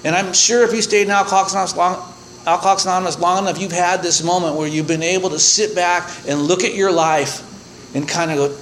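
A man in his sixties sharing a humorous personal story at a recovery meeting, animated and chuckling as he acts out his own reactions. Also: sits high, fast, slight background noise, poor audio.

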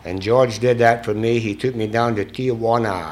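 Scottish man, recovery meeting storyteller, profane, wry, chuckles at himself, middle pitch. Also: fairly even intonation, moderate pace, very noisy. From Scotland. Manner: profane, joking, chuckling at his own stories. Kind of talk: confessional storytelling to an audience.

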